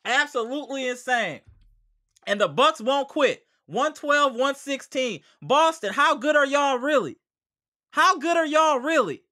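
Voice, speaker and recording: Guy hosting a live hoops fan stream, bright voice, ranting and slangy, swings loud and low. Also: animated, a little slow. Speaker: sports podcast host.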